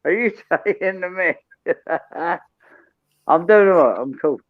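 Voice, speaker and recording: A tipsy British man co-hosting a late-night stream. He is loud and sweary and rants with a bouncy, lively swing in his voice. The sound is dry and a bit muffled. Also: high-pitched, slow pace, no room sound. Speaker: live stream co-host. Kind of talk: boozy late-night chat.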